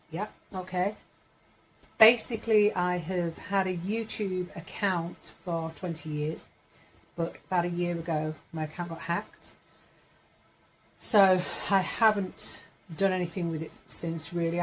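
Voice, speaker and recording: A woman's voice: on the low side, a little mellow, slight background noise, poor audio. Rambling, chatty woman in her forties. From Yorkshire, England. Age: 40s. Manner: rambling, chatty, corrects herself as she goes. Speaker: vlogger. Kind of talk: casual chat to camera.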